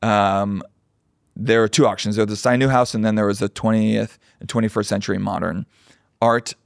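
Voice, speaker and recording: Chatty podcast host, dry close mic. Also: male voice, fairly low pitch, moderate pace, vocal fry, dry recording. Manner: animated storyteller, swears, mimics people he overheard. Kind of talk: casual chat.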